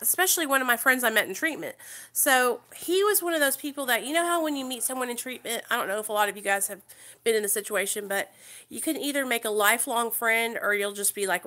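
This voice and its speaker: Woman in her thirties, casual livestream host, bright and animated storyteller. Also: on the high side. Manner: chatty, animated, talks to chat viewers.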